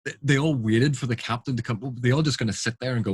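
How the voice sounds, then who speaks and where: A man's voice: mid-range voice, quick pace, breathy edge, no echo. A man giving unscripted reaction commentary, exasperated and full of rhetorical questions. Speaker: film and TV critic.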